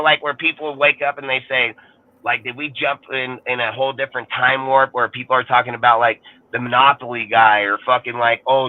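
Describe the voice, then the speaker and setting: A man's voice: mid-range voice, dry recording. A man in his thirties hosting a sports podcast, ranting in a profane, heated and rambling way. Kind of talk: ranting casual talk. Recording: tinny phone-like sound.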